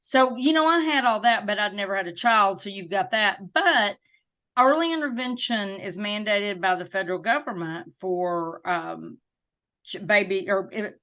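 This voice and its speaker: A middle-aged woman with a Southern US accent, a guest telling a personal story in an interview with emphatic, faith-filled warmth. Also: medium pitch, moderate pace. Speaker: guest, disability advocate.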